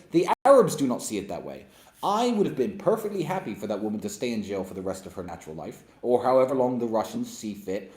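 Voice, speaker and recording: A man's voice: mid-range voice, a little mellow, echoey room. A man hosting a question-and-answer session, giving blunt, emphatic and sarcastic opinions. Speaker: host answering viewer questions. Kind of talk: opinionated monologue.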